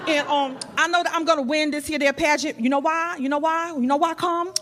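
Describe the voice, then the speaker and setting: A woman's voice: high-pitched, fairly even intonation, brisk, heavy background noise, close to an everyday voice. A woman doing a sassy Brooklyn pageant girl. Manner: sassy, confrontational. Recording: comedy club with audience laughter.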